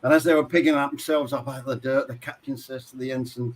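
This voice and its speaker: A man's voice: medium pitch, fast talker, hardly any pauses, poor audio. A man co-hosting a live drone show, telling a joke aloud. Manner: lively joke-telling with voices. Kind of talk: live-stream casual chat.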